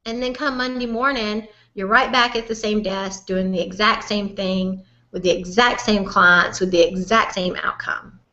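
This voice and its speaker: Southern woman business coach, bright, forceful and folksy, on a dull lo-fi webinar recording. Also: medium pitch, normal speed, hardly any pauses. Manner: animated, folksy and direct, calls listener "honey". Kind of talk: motivational webinar talk.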